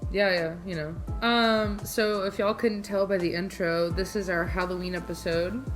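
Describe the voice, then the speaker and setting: A woman's voice: medium pitch, fairly even intonation, moderate pace, faint music behind. A young woman co-hosting a podcast in casual chat, laughing often as she talks. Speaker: podcast co-host.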